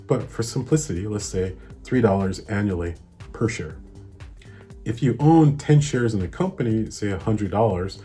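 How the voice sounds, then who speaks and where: A young man with a Hawaiian accent hosts an investing vlog, explaining things in an easygoing, chatty way and laughing often. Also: low-pitched. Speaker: investing channel host. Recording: soft music behind.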